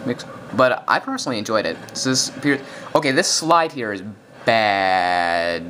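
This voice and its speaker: Young male gameplay commentator, bright and eager, rambling, faint hiss under a home mic. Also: medium pitch, brisk. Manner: excited, rambling, with self-corrections. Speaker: gaming video commentator.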